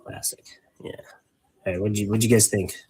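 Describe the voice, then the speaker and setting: A man's voice: on the low side, little pitch movement, a little fast, warm tone, husky, poor audio. A man hosting a casual hobby stream while painting miniatures, rambling and wordy, making fun of himself. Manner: wordy, rambling, self-mocking. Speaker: host.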